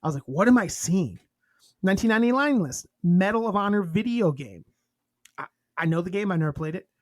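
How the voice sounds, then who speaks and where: A man's voice: high-pitched, animated, fast talker, no room sound. A man co-hosting a podcast in casual chat, reading a list aloud and cracking crude jokes between items. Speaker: podcast co-host.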